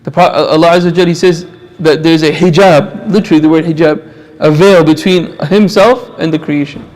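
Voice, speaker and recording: A young man giving a religious lecture to an audience, preaching emphatically with sudden quiet asides and shifting pace. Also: a little high, fairly even intonation, fairly quick. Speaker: Islamic lecturer.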